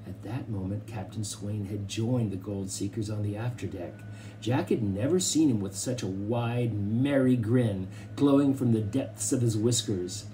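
Mellow male audiobook narrator. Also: fairly low pitch, slight background noise. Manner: measured, expressive storytelling. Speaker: audiobook reader. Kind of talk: scripted narration.

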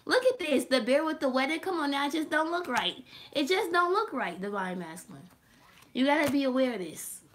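Bright, high-voiced woman reading tarot. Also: brisk. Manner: animated, laughing, profane and teasing. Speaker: tarot reader.

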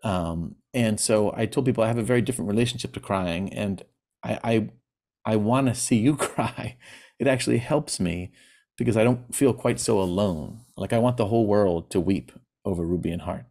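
A man's voice: fairly low pitch, moderate pace, mellow. A man giving a personal talk on grief, speaking candidly and plainly, with hesitant restarts. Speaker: presenter.

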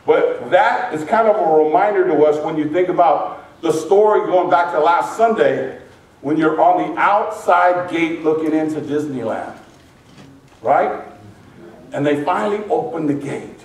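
High-voiced pastor preaching in an echoey church. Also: male voice, a little slow, distant mic. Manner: lively and joking with the congregation. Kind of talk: sermon. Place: large church sanctuary.

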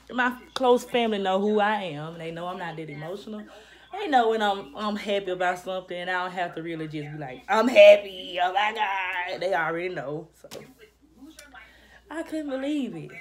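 A young woman chatting casually to camera as a vlogger, rambling and restarting often, and slightly out of breath. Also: fairly low pitch.

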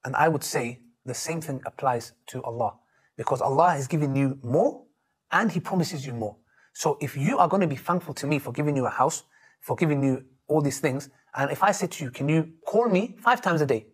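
Fast-talking husky man. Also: on the high side. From Turkey. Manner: animated, quotes others in lively voices. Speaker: street preacher and YouTuber. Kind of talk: storytelling interview answers.

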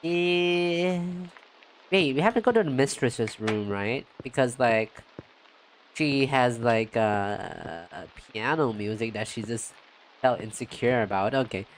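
A male game streamer who talks slowly and loosely, full of "yo" and "like", with bursts of high excitement when he greets his chat. Faint rain patters in the background behind his desk mic. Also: a little hiss or hum. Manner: chatty and excitable, lots of "yo" and "like". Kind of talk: casual let's-play commentary.

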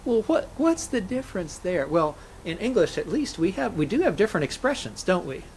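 A man's voice: high voice, big pitch swings, a little fast, darkish tone, a little hiss or hum, poor audio. A man, a scholar and interview guest, explaining grammar methodically and illustrating points with spoken examples.

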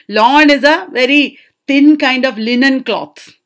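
A woman with a fairly high voice gives a literature lesson, reading verse aloud and explaining it. She talks slowly and lingers over the poem's words. Now and then she checks whether her students have understood. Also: fairly bright tone. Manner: slow, drawn-out poetry reading with checking questions to students. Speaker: literature teacher.

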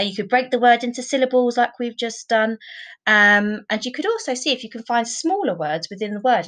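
A woman's voice: medium pitch, fairly bright tone, rough recording. Patient woman teaching children. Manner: clear, patient, encouraging teacher talk with tag questions. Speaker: primary school teacher. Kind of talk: recorded online lesson.

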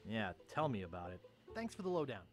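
An eager young would-be pirate from an adventure game, boasting as he introduces himself and politely asking around. The voice sits a bit low and swings in pitch, with game music playing clearly underneath. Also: huge pitch swings, a little fast. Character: young male wannabe pirate hero, earnest and cocky. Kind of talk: video game voice acting. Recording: game audio with music behind.

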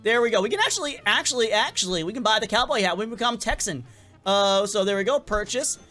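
A man giving casual, excitable gameplay commentary as a gaming channel host, often stumbling and repeating words. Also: sits high, fast, faint music behind. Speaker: gaming YouTuber.

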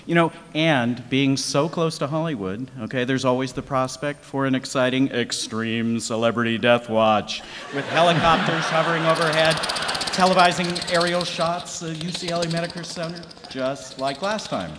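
A man's voice: on the high side, moderate pace. A man hosting a scripted comedy act on stage, chatty and joking, with many fillers. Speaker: comedy host. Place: large lecture hall with live audience. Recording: echoey hall, crowd and noise.

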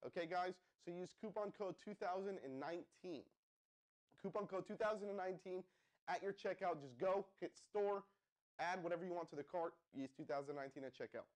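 Casting note: young male live-stream host, energetic hype pitch, slightly higher voice, keeps firing questions at the chat. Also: fairly quick. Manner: pumped-up, addresses viewers as guys, asks the chat to respond. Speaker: livestream host.

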